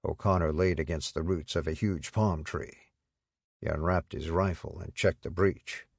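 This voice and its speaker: Male audiobook narrator, very low voice, husky, steady measured reading, dry close sound. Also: no room sound. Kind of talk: audiobook narration of war fiction.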